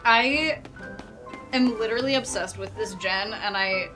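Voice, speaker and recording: A woman streaming a video game, chatting casually, excitable and swearing freely. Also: medium pitch, unhurried. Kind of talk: casual gaming chat. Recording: game music clearly audible behind.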